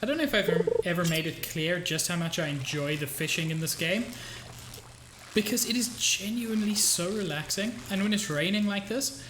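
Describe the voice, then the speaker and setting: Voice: medium pitch, a little fast, fairly bright tone, echoey room, slight background noise. A game streamer chatting casually while playing and thanking viewers by name. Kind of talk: casual gameplay stream chat.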